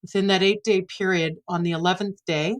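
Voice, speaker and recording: A woman's voice: fairly low pitch, steady tone, brisk, poor audio. A middle-aged woman from Canada, a podcast guest vividly and emotionally retelling a personal story.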